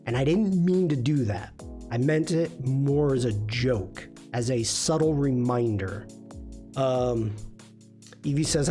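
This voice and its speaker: A man's voice: mid-range voice, slow, mellow, faint music behind. A man hosting a casual livestream critique, chatty and self-deprecating, reviewing viewers' work. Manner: chatty, self-deprecating, many fillers and restarts. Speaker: livestream host and design instructor.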